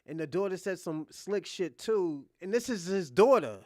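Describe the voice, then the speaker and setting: A man's voice: sits high, animated, normal speed, darkish tone, no echo, clean studio sound. A man hosting a podcast, casually retelling a story in a rambling, profane way with many fillers and restarts. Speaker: podcast host.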